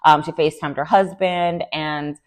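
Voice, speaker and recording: A woman's voice: sits low, normal speed. Sassy woman recapping reality TV. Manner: animated, sassy, opinionated, slangy asides. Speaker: recap vlogger. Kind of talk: casual reality-TV recap commentary.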